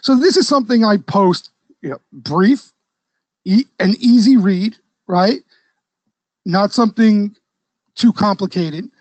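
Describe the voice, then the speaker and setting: High-voiced man chatting about trading. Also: slow, long pauses, darkish tone, no room sound, poor audio. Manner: conversational, frequent "okay?" checks, loose trader slang. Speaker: stock trading educator and host. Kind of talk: casual market commentary to a live audience.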